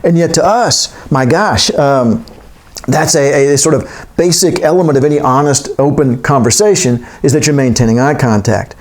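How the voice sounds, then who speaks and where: A man's voice: mid-range voice, normal speed. A man giving a classroom lecture, reading from a text and wandering into joking asides.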